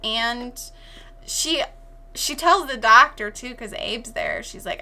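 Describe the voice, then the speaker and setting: A woman co-hosting a podcast in casual chat, animated and swearing, acting out quotes. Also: fairly high pitch, slow. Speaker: podcast co-host.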